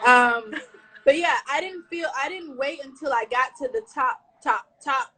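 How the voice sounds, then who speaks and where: A woman's voice: high voice, moderate pace, a bit bright, soft background music, poor audio. A woman stylist chatting casually in an interview over a video call, slangy and full of restarts. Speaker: fashion stylist.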